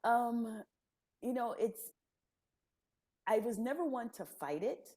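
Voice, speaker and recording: A woman guest on a podcast, telling her story in a casual, animated way and acting out the conversations she describes. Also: on the high side, slow. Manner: animated, laughing storyteller who acts out quoted dialogue.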